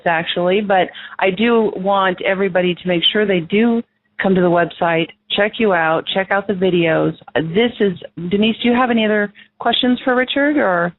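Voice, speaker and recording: Radio host on a tinny phone line. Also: medium pitch. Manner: friendly, wrapping up and plugging the website. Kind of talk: casual radio interview.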